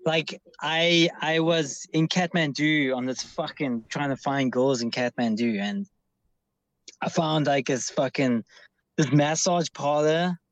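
A man's voice: on the high side, slow pace, no echo, muffled recording. A young man calling in, telling a long story in a rambling way with heavy swearing and many restarts. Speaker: caller. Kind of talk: casual storytelling.

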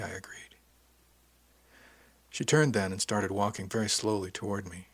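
Low husky guy reading an audiobook, soft and close, half whispering. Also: flat delivery. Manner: soft, intimate and unhurried, often half-whispered. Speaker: narrator. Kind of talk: first-person audiobook narration.

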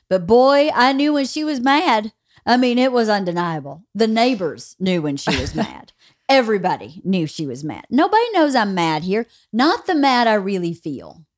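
A woman in her forties hosts a casual podcast chat, telling family stories in a lively way. Her pitch moves all over as she acts out what each person said, sitting at a middle height. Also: moderate pace. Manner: animated storytelling, acts out family members. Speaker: podcast host.

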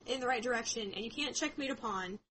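A woman's voice: a little high, fast talker, a little hiss or hum, poor audio. A woman co-hosting a podcast, retelling a book in casual chat with lots of laughter and expression. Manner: animated, laughing, voices quoted characters. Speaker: podcast co-host.

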